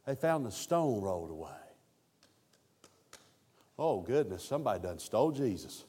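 A man's voice: fairly low pitch, very animated, moderate pace, mellow, slightly rough. Male preacher, narrative sermon delivery, echoing hall. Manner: storytelling preacher who voices biblical quotes. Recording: long hall reverb.

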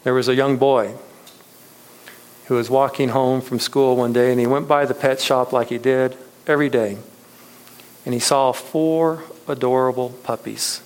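A man preaching a sermon, earnest and reflective, telling stories to make his point. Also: medium pitch. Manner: earnest storytelling preacher, soft reflective closes. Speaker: pastor.

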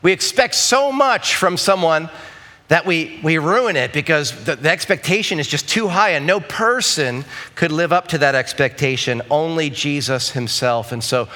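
A male pastor preaching a sermon in a conversational, storytelling way, self-deprecating and animated when he quotes himself. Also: on the high side, normal speed.

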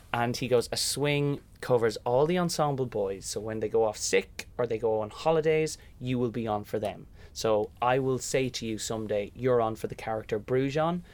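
A young man from Ireland, a musical theatre performer, talks fairly fast in a mid-range voice, barely pausing. He shares stories in a casual interview with lots of animation, impersonating the voices in them.

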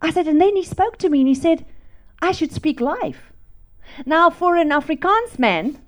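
A middle-aged woman from South Africa preaching a testimony sermon, animated and laughing, swinging from loud to hushed. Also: very high-pitched, normal speed.

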